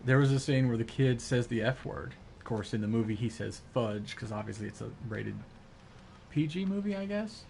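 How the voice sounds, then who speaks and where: A man talks casually to his chat while he plays, rambling along with plenty of fillers and restarts. His voice sits at an ordinary middle pitch. A faint noise hums behind him. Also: moderate pace, gravelly, darkish tone. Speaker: live streamer.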